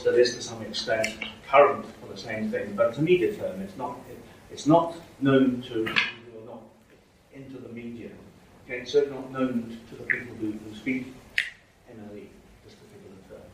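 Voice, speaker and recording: At an ordinary pace and in a mid-range voice, a man explains things during a university lecture, checking understanding with "okay?" and "right?". The hall echoes, the mic is far off, and there's slight noise.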